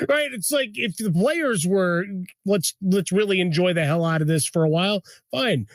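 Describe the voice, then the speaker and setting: High-voiced wry radio co-host man. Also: normal speed, no echo, studio quality. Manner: wry, teasing interjections. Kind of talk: comedic radio banter.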